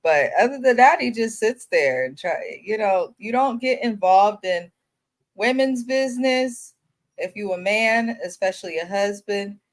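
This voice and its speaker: A woman co-hosting a casual reality TV recap speaks frankly about her own views. She is emphatic and plainspoken and laughs readily. Her voice sits at an ordinary middle pitch. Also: lively intonation, unhurried. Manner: blunt, emphatic, laughs easily. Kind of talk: casual opinionated commentary.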